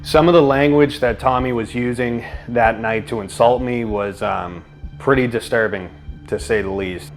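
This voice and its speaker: A man's voice: mid-range voice, normal speed. A man in a comedic mock-documentary interview, recounting events in a matter-of-fact, slightly hesitant way. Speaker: league member. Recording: music playing behind. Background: music.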